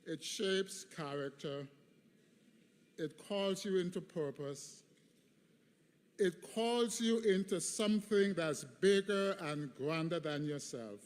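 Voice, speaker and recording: A man's voice: high voice, slow. A man in his fifties giving a preached commencement address in a large hall, emphatic, with rhythmic repetition. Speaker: commencement speaker. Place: large hall at a graduation ceremony. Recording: long hall reverb.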